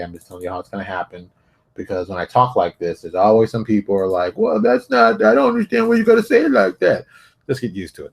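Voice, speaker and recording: A man hosting his own solo show, talking in a brash, joking and self-mocking way. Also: mid-range voice. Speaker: show host. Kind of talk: solo livestream talk.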